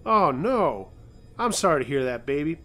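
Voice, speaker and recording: A man's voice: a little high, very animated, moderate pace, pushed and bright. A man voicing a friendly old woman with a Southern drawl who lives by a campground gate, folksy and calling people hun. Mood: folksy concern.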